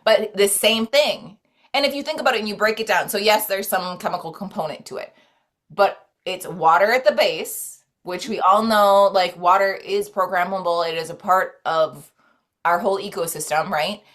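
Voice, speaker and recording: A woman's voice: medium pitch, moderate pace, a bit bright. A woman talking as a podcast guest in casual, earnest conversation, rambling with many "like"s and restarts. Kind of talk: casual conversation about self-care and spirituality.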